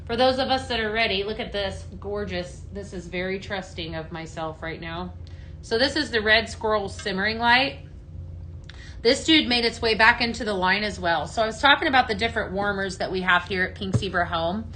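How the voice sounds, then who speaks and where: A woman's voice: medium pitch, moderate pace, bright, forceful tone, slight background noise. A woman from the American Midwest hosting a live product demo, chatty and enthusiastic, greeting viewers by name. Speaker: home fragrance consultant hosting a live sale.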